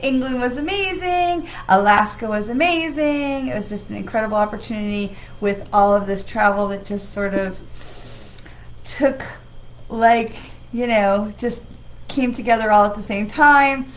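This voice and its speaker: A woman hosts her weekly psychic-medium livestream, chatting enthusiastically and rambling, with an occasional cough from travel. Her mid-range voice is steady at normal speed, and the low-quality recording carries a little hiss or hum.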